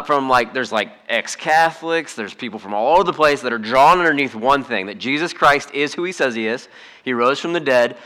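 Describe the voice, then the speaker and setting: Bright, animated male pastor. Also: medium pitch. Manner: conversational, animated, with frequent fillers and restarts. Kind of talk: casual sermon.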